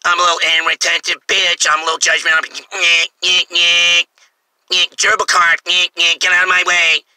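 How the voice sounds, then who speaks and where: A man's voice: high-pitched, monotone, moderate pace, sharp tone, slight background noise. A man putting on a whiny sneering driver. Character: whiny judgmental man in a small car.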